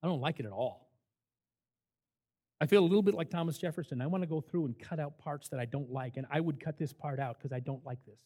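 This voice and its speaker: An older man preaching to a camp crowd in a fairly high voice. He is an emphatic storyteller who throws himself into each anecdote. He swings between lively bursts and quieter, earnest stretches. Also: quick pace. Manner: animated, emphatic storyteller who acts out quotes. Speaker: camp director. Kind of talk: sermon with storytelling.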